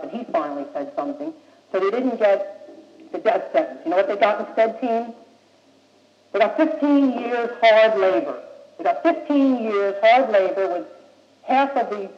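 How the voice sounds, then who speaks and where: Young American man, high voice, blunt and insistent talker; old muffled tape in an echoey room. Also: slight background noise. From United States. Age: young adult. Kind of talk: impassioned speech.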